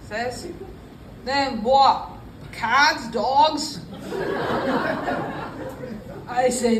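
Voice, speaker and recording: A woman's voice: on the high side, a little hiss or hum. Female stand-up comic, 40s, Russian accent, dry pacing; recorded in a roomy space off-mic. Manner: dry, unhurried delivery with pauses. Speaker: stand-up comedian. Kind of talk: stand-up set. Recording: echoey room, voice a bit far from the mic.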